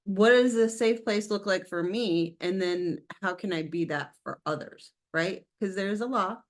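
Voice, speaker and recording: A woman's voice: mid-range voice, moderate pace. Playful woman co-hosting a chat show. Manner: lively, playful, teasing, laughs often. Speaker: co-host. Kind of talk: casual chat.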